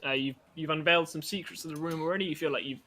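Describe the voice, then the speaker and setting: A man's voice: on the high side, steady tone, racing, bright, forceful tone. A man narrating as game master for a tabletop game, rambling with many fillers.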